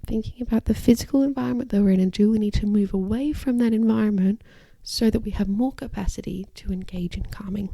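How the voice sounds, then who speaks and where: A woman with a dark, mellow voice that carries a gravelly edge of fry, explaining as an occupational therapist on her podcast. She speaks calmly and deliberately, and her phrases keep fading into breathy near-whispers. The sound is close and dry. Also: mid-range voice, no echo. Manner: calm, measured, phrases trailing into breathy whispers. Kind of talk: educational podcast talk. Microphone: microphone.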